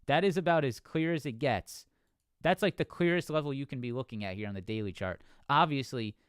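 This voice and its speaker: A man's voice: mid-range voice, clear, resonant tone, no room sound, clean studio sound. Man calling levels on a live stream. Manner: conversational, peppers talk with "right?". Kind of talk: casual live-stream market analysis.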